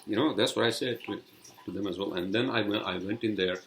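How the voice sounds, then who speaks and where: A man's voice: lowish voice, fast talker, a little hiss or hum, rough recording. A man hosting a solo podcast, telling a story in a rambling, profane way with many fillers and restarts. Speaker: podcast host. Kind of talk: casual solo podcast monologue.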